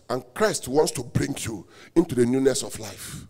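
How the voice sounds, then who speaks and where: Pastor, Nigerian-accented man, high voice with a gravelly edge; emphatic sermon delivery, lots of repetition. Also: normal speed. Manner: emphatic preaching with rhetorical questions and repetition.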